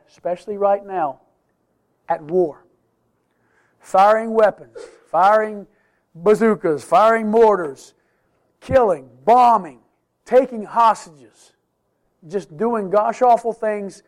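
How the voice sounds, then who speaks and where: A middle-aged man teaching a Sunday school class on the Bible, earnest and emphatic, slowing down to stress key words. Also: sits high.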